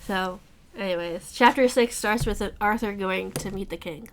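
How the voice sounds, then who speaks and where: A woman hosting a casual book club chat, recapping the plot in animated retellings full of quoted lines and swearing. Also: mid-range voice, moderate pace, a little hiss or hum.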